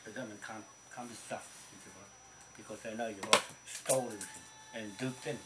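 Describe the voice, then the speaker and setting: A man's voice: on the low side, fairly even intonation, quick pace, over loud music. Blunt, profane New man. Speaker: vlogger. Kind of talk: casual to-camera talk.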